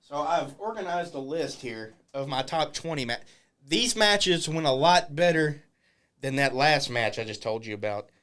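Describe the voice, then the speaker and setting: Lively, animated man telling wrestling stories. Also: on the high side, moderate pace. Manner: profane, acts out quoted voices. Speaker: guest wrestler. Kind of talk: animated storytelling. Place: podcast studio.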